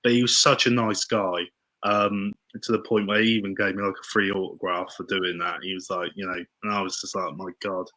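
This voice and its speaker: A man telling stories as a podcast guest, excitable and tripping over his words. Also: deep voice, a little fast, poor audio. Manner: excitable, tumbling restarts. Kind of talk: casual storytelling interview.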